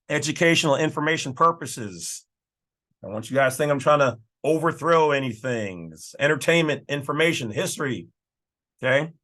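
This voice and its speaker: A man's voice: a little high, fairly bright tone. A man hosting his own channel, casually talking through and reading legal documents with folksy, emphatic asides. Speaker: channel host.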